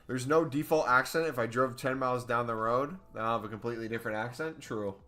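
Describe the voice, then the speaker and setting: A man's voice: medium pitch, quick pace, sharp tone, faint music behind. A young American man chatting casually on his gaming live stream, joking and reading out questions from chat. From United States. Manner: chatty, jokey, reads chat aloud.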